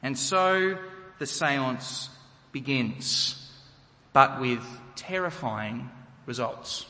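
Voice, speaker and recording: A man delivers a sermon in an unhurried, deliberate way, pressing home his points with rhetorical questions. His voice is bright and sits a little high, and a long reverb trails behind it in a large hall. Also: expressive. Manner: emphatic, rhetorical questions to the congregation. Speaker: preacher.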